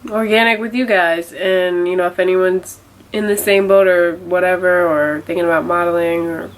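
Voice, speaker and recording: In this rough recording, a young woman vlogs confessionally about a setback at a moderate pace. Her nasal voice sits lowish with little pitch movement, and her talk is casual, rambling and full of fillers.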